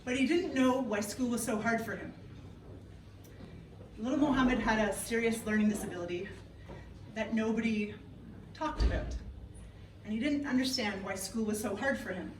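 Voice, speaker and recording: A woman's voice: a little high, normal speed, long pauses. A woman in her thirties from Canada, telling a comic story on stage and talking to the audience. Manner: playful, lively, talks to the audience. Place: event hall before a live audience. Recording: echoey hall, mic from a distance, noisy.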